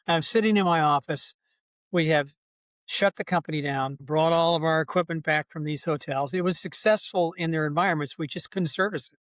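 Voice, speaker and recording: An older man appearing as a podcast guest tells long, folksy anecdotes full of asides, rambling in a casual storytelling style. His fairly high voice is a bit bright and a little fast, recorded with no echo.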